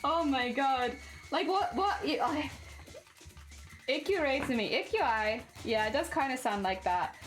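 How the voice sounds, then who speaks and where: A woman's voice: sits high, expressive, moderate pace, long pauses, soft background music. A young woman streaming casually, chatting and giggling with her viewers while she crafts at home. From Britain. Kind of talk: casual live-stream chat.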